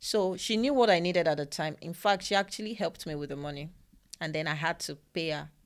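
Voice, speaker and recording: A woman from Nigeria co-hosting a podcast, speaking in a fairly low voice. She tells a personal story in a relaxed, conversational way, earnest and full of repeated phrases for emphasis. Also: brisk. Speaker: podcast co-host. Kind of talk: casual chat.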